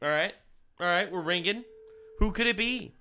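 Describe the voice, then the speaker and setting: A man's voice: high-pitched, moderate pace, bright, forceful tone, clean tone. A man streaming commentary over video clips, crude, heated and sarcastic in his delivery.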